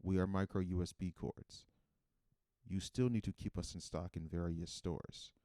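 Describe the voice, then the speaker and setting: A man's voice: low-pitched, normal speed, no echo, clean studio sound, lightly acted. A man voicing pleading micro USB cords. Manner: flat mock-ad read.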